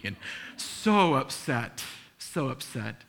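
Bright-voiced, earnest male pastor preaching. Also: fairly high pitch, brisk, a little hiss or hum. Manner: animated storytelling, acting out dialogue; earnest and emotional. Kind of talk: sermon.

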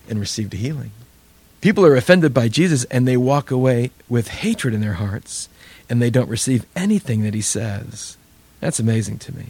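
A man preaching a sermon, retelling Bible stories with lively voices for the characters and frequent laughs. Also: mid-range voice, no echo. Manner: animated storytelling, acting out biblical characters with laughs.

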